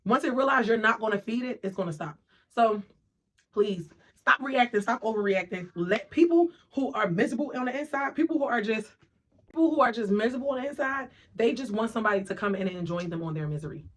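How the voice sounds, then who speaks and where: Fast-talking emphatic motivational speaker. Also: medium pitch, animated, a bit bright. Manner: emphatic, keeps asking "right?" and "okay?"; acts out quoted voices of other people. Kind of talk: motivational monologue.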